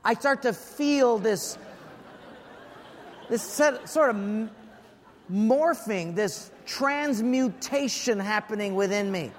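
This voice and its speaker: A man with a very high voice preaches a sermon, acting out his stories and breaking into comic shouts. He sounds like he is in a large hall with a long reverb trailing his words. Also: slow, pauses often. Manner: animated storyteller, acts out voices and shouts for comic effect. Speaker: pastor.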